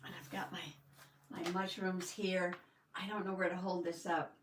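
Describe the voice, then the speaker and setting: A woman's voice: lowish voice, level tone, moderate pace, a little hiss or hum. An older woman hosting a casual live journaling stream, chatting with viewers and greeting them with a folksy "howdy". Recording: echoey room, mic at a distance.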